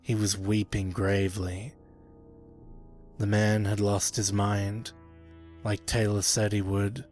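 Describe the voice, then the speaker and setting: A man narrating a creepypasta in a slow, grave storytelling manner. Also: lowish voice, level tone, a little mellow. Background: faint ambient music.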